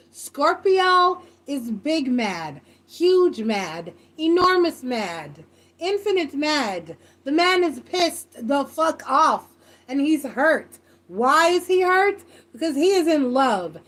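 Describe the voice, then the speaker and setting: A woman's voice: high-pitched, very animated, takes it slowly, a bit bright. A woman doing a live tarot reading, blunt, profane and rambling, stressing her points again and again. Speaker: tarot reader.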